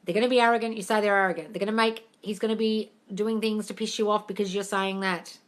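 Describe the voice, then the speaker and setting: A woman's voice: medium pitch, fairly even intonation, fast talker. A woman hosting a casual live-stream Q&A, reading viewer questions and answering them bluntly with plenty of swearing.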